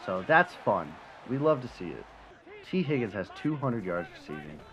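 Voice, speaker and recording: A young man giving casual, animated commentary over a football video game, cursing and swinging between frustration and excitement. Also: lowish voice, moderate pace, crowd noise. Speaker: gaming commentator. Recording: slightly dull sound, faint background noise.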